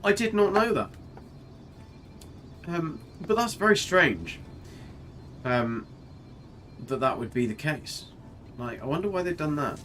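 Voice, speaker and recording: A man's voice: a little high, big pitch swings, slow pace, long pauses, fairly bright tone, slight background noise. A man chatting casually while streaming a game, joking, rambling and answering his chat as he plays. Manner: chatty, jokey, rambling, reads chat aloud. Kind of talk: casual live-stream commentary. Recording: faint music behind.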